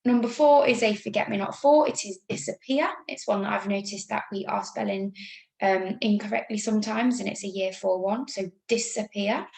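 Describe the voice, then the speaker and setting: Teaching spelling remotely to young children, an English-accented woman stays cheerful and patient as she slowly explains the rules. She has a medium-pitched, creaky, darkish voice, and the poor-quality audio echoes around the room.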